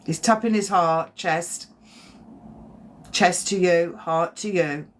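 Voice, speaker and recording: Woman, medium on a live stream, lowish voice, halting, repeats herself, gentle and reassuring. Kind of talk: live-stream spirit reading.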